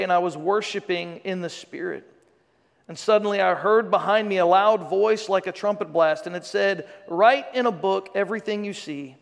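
A man preaches from the pulpit, his voice pitched high and roughened by a gravelly edge. He reads scripture with dramatic weight and breaks off for joking asides to the congregation. Everything trails off into the long reverb of a large church hall. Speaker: pastor. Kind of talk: sermon with scripture reading.

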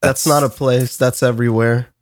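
A man's voice: medium pitch, fairly even intonation, moderate pace. A young man in a casual chat, blunt and swearing freely. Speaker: podcast co-host.

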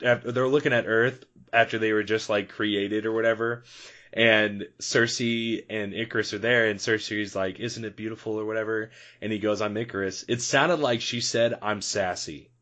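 A man's voice: mid-range voice, a bit bright. A man co-hosting a podcast, chatting casually and animatedly about a film, laughing often. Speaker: podcast co-host. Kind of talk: casual movie review chat.

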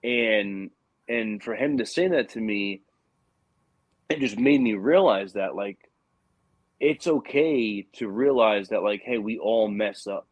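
Low-voiced man telling an earnest story. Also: slow pace, no echo, rough recording. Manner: earnest, rambling, many restarts. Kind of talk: personal storytelling in casual conversation.

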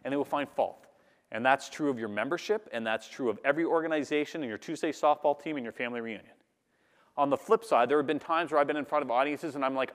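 A man giving a lively talk to a live audience, acting out the voices of the people he describes. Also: mid-range voice, quick pace. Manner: animated, acts out audience voices. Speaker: public speaker. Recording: long hall reverb.

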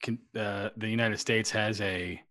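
A man's voice: on the low side, measured pace. Brash, swearing podcast co-host man. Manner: brash, swears a lot, deadpan riffing. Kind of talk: casual chat.

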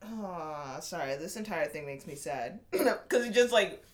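A woman's voice: deep voice, expressive, measured pace. A woman co-hosting a casual podcast chat, reacting expressively and swearing freely.

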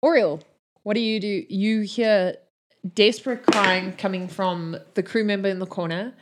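A woman's voice: medium pitch, steady tone, normal speed, noisy background. A woman narrating a tabletop role-playing game as the game master, describing scenes in detail. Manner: descriptive, with frequent restarts and laughter.

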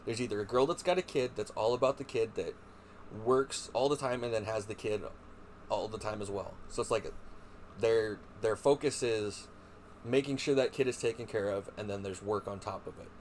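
A man's voice: lowish voice, normal speed, slight background noise. Laid-back man chiming in on a podcast. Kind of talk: casual chat.

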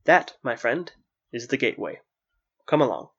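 A man voicing a jovial, jester-like male watcher who turns commanding and sharp, in a slightly muffled lo-fi recording. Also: medium pitch, very animated, normal speed, slightly rough, exaggerated voice.

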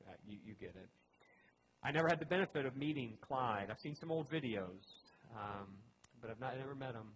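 A man's voice: medium pitch, expressive, fairly quick, noisy background. A man pastor giving a conversational sermon, earnest and emphatic, often restarting his phrases.

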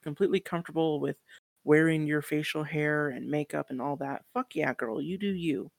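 A woman's voice: sits low, creaky, dry recording. A woman speaking as a guest on a podcast interview, earnest and encouraging, with some casual swearing.

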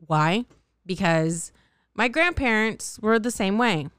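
Brief: woman in her thirties, solo podcast host, very smooth clear voice, dry close mic, blunt and cussing, sore throat. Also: mid-range voice, animated, slow pace, fairly bright tone, no room sound. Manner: blunt, profane, laughs often, self-mocking. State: slightly sore, scratchy throat. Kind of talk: candid solo podcast monologue.

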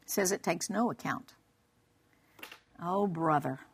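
A woman's voice: fairly low pitch, measured pace, breathy edge. A woman giving a humorous personal testimony on a Christian broadcast and acting out the dialogue as she tells it. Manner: lively storytelling, acting out dialogue; humorous, laughs while telling. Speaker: guest speaker.

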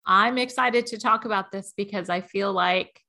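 An early-fifties woman co-hosts a podcast in a frank, thoughtful way. Her voice sits at a middle pitch. She often restarts her sentences as she works through what she wants to say. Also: moderate pace, bright, forceful tone. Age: 50s. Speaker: podcast co-host. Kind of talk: casual podcast chat.

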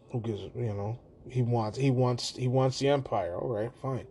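Podcast host, male, loose profane recap of a film, average pitch, light room noise. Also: normal speed. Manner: profane, animated retelling with put-on quoted voices. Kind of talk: casual movie rant.

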